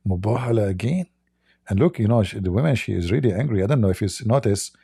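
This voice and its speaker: A man's voice: on the low side, animated, a little fast, vocal fry, warm tone, breathy edge, no room sound, studio quality. A man hosting a livestream, giving sarcastic, joking commentary on a video clip and laughing often. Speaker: livestream host.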